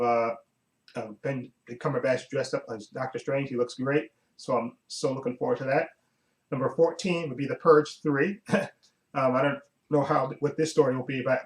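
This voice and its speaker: A man's voice: mid-range voice, low-quality recording. A man talking casually through a countdown of upcoming movies, rambling with many fillers and restarts. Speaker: vlogger.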